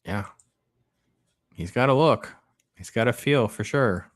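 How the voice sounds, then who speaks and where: A man hosting a casual movie review chat, rambling and animated, often trailing off and restarting. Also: mid-range voice, takes it slowly. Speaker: podcast host.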